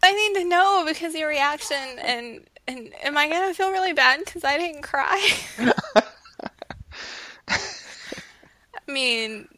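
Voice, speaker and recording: A woman co-hosting a casual podcast chat, talking in an animated, emphatic way and laughing often. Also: high voice, takes it slowly, pauses often, dry recording. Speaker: podcast co-host.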